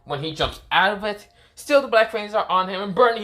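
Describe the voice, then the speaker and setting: A man's voice: high-pitched, expressive, a little fast, sharp tone. A young man casually narrating a fan story, rambling with swearing and frequent restarts.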